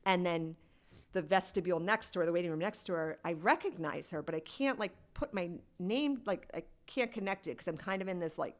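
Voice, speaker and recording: A woman's voice: lowish voice, lively intonation, brisk. A woman guest on a podcast, telling a personal story in a candid, conversational way with lots of "like.". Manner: candid and conversational, heavy use of "like".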